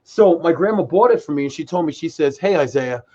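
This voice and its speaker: Excitable young man telling stories. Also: fairly high pitch, fast talker, husky, highs cut off. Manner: excitable storyteller, many fillers like "like" and "freaking". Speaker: podcast co-host. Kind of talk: casual chat.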